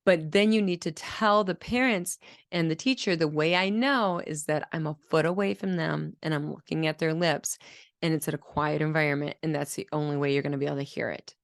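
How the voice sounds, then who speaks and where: A woman's voice: sits low, fairly even intonation, brisk, creaky, dry recording, clean studio sound. A woman who works as a speech-language pathologist, teaching a lesson in an explanatory way and demonstrating speech sounds. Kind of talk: educational video lesson.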